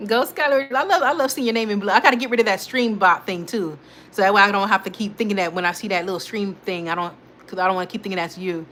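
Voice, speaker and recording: Woman, livestream host, casual and animated, mid pitch, faint background noise. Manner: animated, talks to chat moderators by name, scolding trolls.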